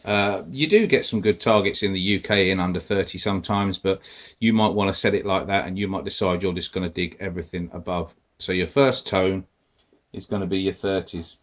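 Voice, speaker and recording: A man's voice: deep voice, a little fast. A man casually walking through device settings step by step, talking as he presses buttons. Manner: relaxed, explains step by step while pressing buttons. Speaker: metal detecting tutorial host. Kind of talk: casual instructional walkthrough.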